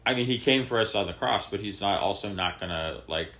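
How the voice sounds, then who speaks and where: A man with a lowish voice talks on a podcast and explains things in a loose, rambling way. He restarts his sentences and fills the gaps with 'like' and 'you know'. The tone is relaxed chat. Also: a little fast. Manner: rambling, many fillers and restarts, explaining a parable. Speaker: podcast co-host. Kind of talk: casual chat.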